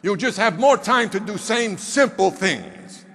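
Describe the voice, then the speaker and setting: A man's voice: high-pitched, animated, fairly bright tone, long reverb tail, heavily acted. A man putting on a stern, insistent mentor. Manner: insistent, slow and emphatic, broken English.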